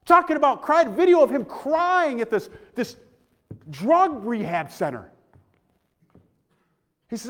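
A man preaching an emotional, heartfelt sermon, often dropping to a soft voice. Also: very high-pitched, very animated, takes it slowly, pauses often. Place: church sanctuary. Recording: long reverb of a large hall.

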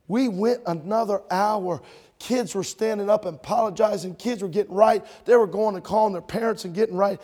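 A man preaching a revival sermon, telling stories that swell to shouts and drop to a hush, ending in an altar call. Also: a little fast. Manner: storytelling, voice swells to shouts then drops low.

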